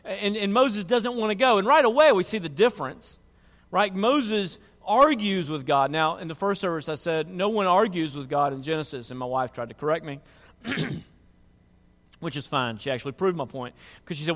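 Pastor, male, earnest preacher with stumbling restarts; a bit high-pitched, recorded with a long reverberant hall tail. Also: expressive, moderate pace, fairly bright tone. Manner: earnest, repeats words as he restarts. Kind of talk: sermon.

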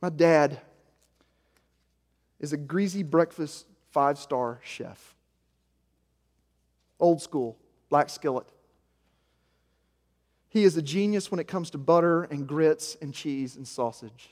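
A man from Arkansas preaching a sermon as pastor, emphatic, swinging from hushed to loud and repeating key lines. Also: fairly high pitch, slow pace, long pauses. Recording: long reverb of a large hall.

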